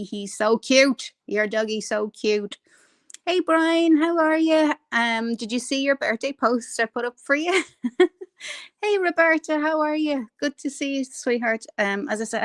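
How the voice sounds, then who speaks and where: A woman's voice: mid-range voice, dry recording, clean studio sound. An Irish woman hosting a casual live stream, rambling and greeting viewers by name with endearments. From Ireland. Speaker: livestream host.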